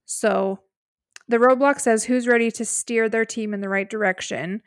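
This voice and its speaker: A woman's voice: on the high side, fairly even intonation, moderate pace, clear, resonant tone, no echo, clean studio sound. A woman co-hosting a podcast, recapping a reality show in giggly, teasing conversation. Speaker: podcast co-host. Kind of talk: casual rewatch chat.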